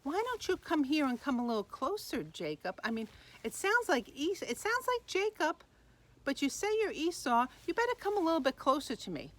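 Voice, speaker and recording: A man's voice: extremely high pitch, sing-song, moderate pace, fairly bright tone, voice pushed up, exaggerated voice. A woman voicing an elderly father who questions and hesitates, musing aloud as he tries to work things out. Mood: doubtful. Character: old blind father, doubtful and searching.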